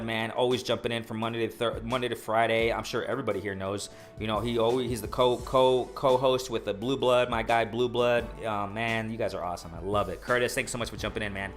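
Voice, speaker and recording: A man of ordinary middle pitch hosts a loose, chatty boxing live stream. He rambles, stumbles over restarts and repeats words, peppering his talk with "man" and "bro". Faint music plays softly behind him. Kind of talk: casual live-stream chat, reading viewer comments.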